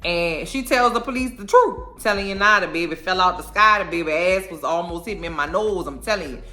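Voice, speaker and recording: A woman giving a casual, animated and sassy recap of a TV episode. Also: fairly low pitch, brisk. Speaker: show recapper.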